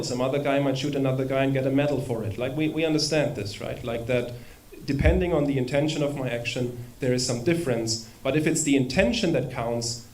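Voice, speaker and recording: Man giving a relaxed temple lecture. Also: medium pitch. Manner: conversational, with humorous asides and rhetorical questions. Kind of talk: informal spiritual lecture. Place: temple hall with a live audience.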